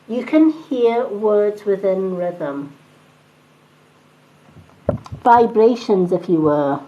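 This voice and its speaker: A middle-aged woman giving a gentle, chatty spiritual talk to viewers on a live stream. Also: medium pitch, lively intonation, slow, hardly any pauses, muffled recording, a little hiss or hum. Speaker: tarot reader on a live stream.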